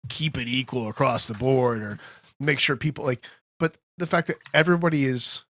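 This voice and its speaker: A man's voice: medium pitch, normal speed, a bit bright, dry recording, studio quality. A man hosting a podcast, chatting casually in a laid-back, agreeable way, with hesitant phrasing. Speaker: podcast host.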